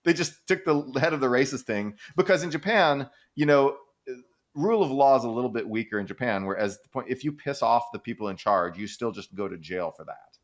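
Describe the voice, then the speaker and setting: Brisk and medium in pitch, a man co-hosting a podcast answers listener questions with rambling, animated stories. He leans on "like," swears casually, does exaggerated voices for quoted people, and laughs a lot.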